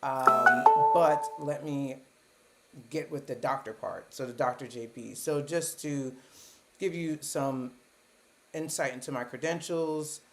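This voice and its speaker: A woman's voice: a bass voice, steady tone, takes it slowly, over music. A woman in her thirties from Baltimore, a psychiatrist hosting her own live stream, talking casually at a computer webcam with joking asides about herself. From Baltimore, United States.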